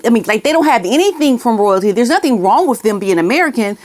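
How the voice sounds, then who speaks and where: Emphatic woman vlogger, highish voice. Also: animated, fast talker, few pauses. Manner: emphatic, repeats key phrases, talks aside to someone off camera. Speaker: commentary vlogger. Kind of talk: casual opinion commentary.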